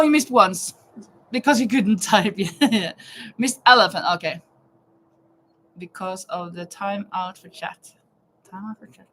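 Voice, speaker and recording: A woman in her fifties with a medium-pitched voice hosts a livestream chat and quiz, laughing often and exclaiming "oh my goodness." The recording is rough, with slight background noise.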